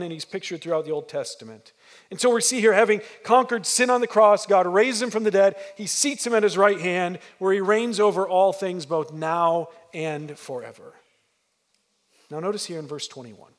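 Male pastor, higher voice, storytelling sermon, reverberant hall sound. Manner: storytelling, emphatic with repeated restarts.

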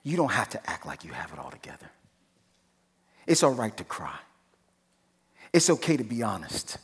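A man preaching a sermon as pastor, moving between hushed, slow pleading and loud, rising exhortation. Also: lowish voice, very animated, vocal fry, breathy edge. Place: church sanctuary. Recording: long church reverb.

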